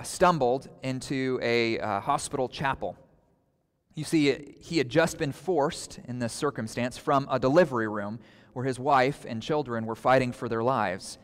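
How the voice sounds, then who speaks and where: A man's voice: medium pitch, clean tone. Man preaching in an echoey hall. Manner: earnest preaching with dramatic pauses and quoted outbursts. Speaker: pastor. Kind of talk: sermon.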